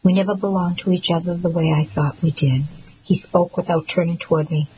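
Female narrator, low voice, soft measured emotional delivery for a first-person novel. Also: steady tone, slight background noise, poor audio. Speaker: audiobook narrator.

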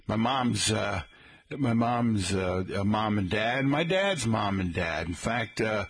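A middle-aged man hosting a local radio show, chatting in a folksy way and slowly spelling out details for listeners. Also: lowish voice, animated, breathy edge. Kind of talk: casual radio talk. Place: radio studio.

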